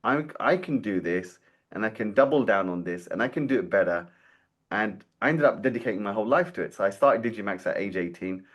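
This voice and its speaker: A man's voice: lowish voice, brisk. A man in his forties, a podcast guest, tells his career story and acts out the dialogue in it. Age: 40s. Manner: animated storyteller who acts out quoted dialogue. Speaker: guest, dental marketing founder. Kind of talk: storytelling interview.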